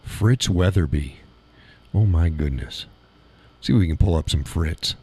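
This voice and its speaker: A man hosting a live stream in casual chat, playful and quick to laugh, toying with how words sound. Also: low voice, lively intonation, darkish tone, breathy edge. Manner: chatty, playful, laughs often, toys with word sounds.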